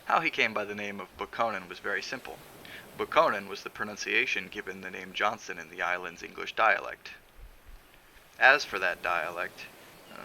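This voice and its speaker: Brief: lower-voiced man with a gravelly edge narrating a novel, steady and measured. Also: slight background noise, poor audio. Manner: measured, steady reading with occasional fillers. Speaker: streamer reading a novel aloud. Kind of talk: audiobook narration.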